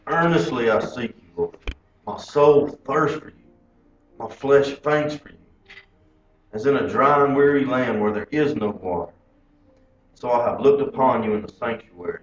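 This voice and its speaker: A man with a mid-range voice reads scripture aloud at a measured pace. He is far from the mic in an echoey room, with faint ambience behind him. The sound is dull and lo-fi. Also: mid-range voice, a little hiss or hum. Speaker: group member reading scripture. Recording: distant echoey lo-fi recording.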